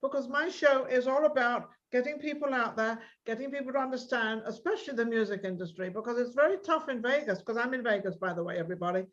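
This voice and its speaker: A woman's voice: a little high, fast talker, hardly any pauses, muffled recording. A woman hosting an internet TV interview show, chatting energetically with frequent restarts. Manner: energetic, talks in restarts and asides. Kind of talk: casual interview chat.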